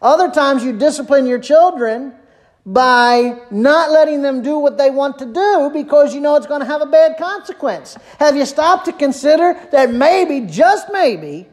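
A woman pastor preaching a conversational sermon, asking rhetorical questions and dropping her voice low and quiet for emphasis. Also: lively intonation, measured pace.

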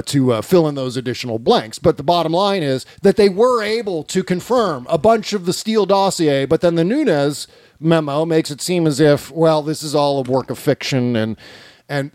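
A man hosting a casual political talk show, animated and joking as he riffs. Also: mid-range voice, no room sound, clean studio sound. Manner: animated, joking, with frequent restarts. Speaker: host.

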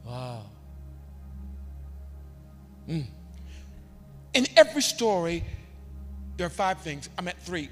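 A man preaching a sermon as bishop, animated and given to shouting for emphasis. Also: sits high, moderate pace, long pauses, long reverb tail, soft background music.

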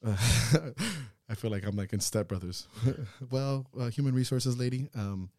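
A man co-hosting a podcast, talking in an earnest, reflective way that swings into loud, laughing rants. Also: medium pitch, measured pace, no room sound, clean studio sound. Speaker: podcast co-host. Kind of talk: casual reflective chat.

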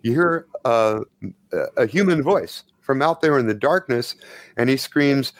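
A man's voice: mid-range voice, expressive, a little slow, dry recording, studio quality. A man narrating as game master of a tabletop role-play game, in a casual, profane, descriptive way.

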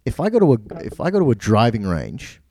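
A man's voice: mid-range voice, wildly swooping pitch, fast talker, warm tone, dry recording, clean studio sound. A young adult man, a DJ, talking bluntly in a casual chat, swearing freely and acting out other people's words. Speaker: DJ guest.

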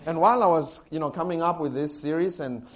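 A man preaches with a high, lively voice. He breaks into loud bursts when he quotes, and he laughs often as he talks. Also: fast talker. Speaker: pastor. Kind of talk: sermon.

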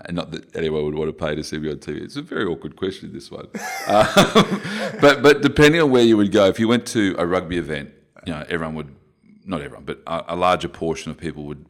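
A very deep-voiced man with an Australian accent speaks in a relaxed interview. He rambles and corrects himself as he tells stories. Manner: rambling, self-correcting storyteller. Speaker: interview guest, former rugby player. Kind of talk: conversational interview.

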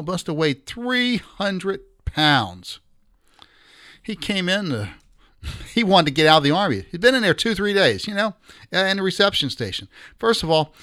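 An older man hosts his own talk show, blunt and folksy in his opinions. His voice sits a bit higher than most men's. The sound is dry and close, with no room echo. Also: fairly bright tone. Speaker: podcast host. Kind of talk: casual talk-show monologue.

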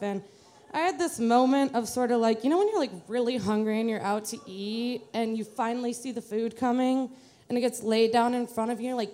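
A woman's voice: fairly high pitch, fairly quick, dark tone. Chatty, self-mocking woman storyteller. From Metro Detroit, USA. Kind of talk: live storytelling for an audience.

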